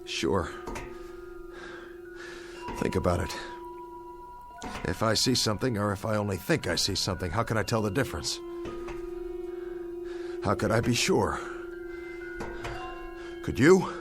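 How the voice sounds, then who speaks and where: An actor playing a stranded, shaken pilot who rambles over the radio in a radio drama, asking himself questions. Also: male voice, mid-range voice. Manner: rambling, questioning, half-laughing monologue. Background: music score.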